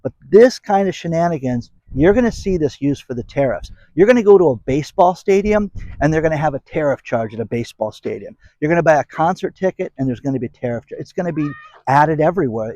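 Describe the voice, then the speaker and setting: A man's voice: on the high side, darkish tone, no echo, poor audio. A man hosting a casual commentary channel, rambling and sarcastic as he talks straight to his viewers. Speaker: host of an economy commentary channel.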